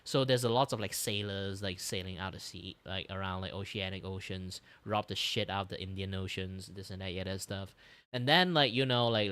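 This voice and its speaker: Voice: low voice, clear, resonant tone, no echo. An art streamer reacting in casual chat, rambling with lots of fillers. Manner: rambling, many fillers, animated.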